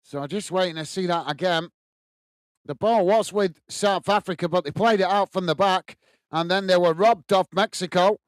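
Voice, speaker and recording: A man's voice: high voice, moderate pace, dry recording. British man hosting a live match watch-along. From United Kingdom. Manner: friendly, reads viewer comments aloud and greets them. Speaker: host of a football watch-along. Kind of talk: live match commentary and reading chat messages.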